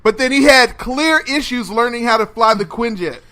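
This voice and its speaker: A man co-hosting a casual podcast chat, animated and acting out incredulous quotes with laughs. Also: very high voice, normal speed. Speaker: podcast co-host. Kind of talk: casual chat over a phone call.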